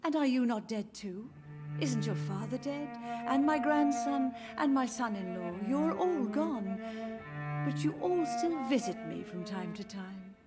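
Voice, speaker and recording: A woman's voice: high-pitched, animated, a little slow. An actress voicing a frail elderly mother in a video game, grieving and confused, speaking in a wistful, drifting way. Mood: insistent. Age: older. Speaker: game character. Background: soft game music.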